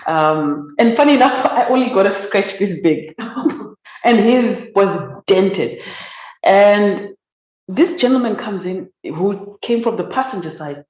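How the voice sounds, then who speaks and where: A woman's voice: mid-range voice, a little slow, roomy sound, lo-fi sound. A woman from Zimbabwe, an academic guest telling a story in conversation and acting out the voices of the people in it. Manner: animated, acts out quoted voices.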